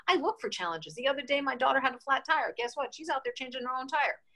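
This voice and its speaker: A woman in her sixties from New York State, an interview guest telling lively stories and acting out the voices she quotes. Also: sits high, quick pace. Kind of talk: casual interview storytelling.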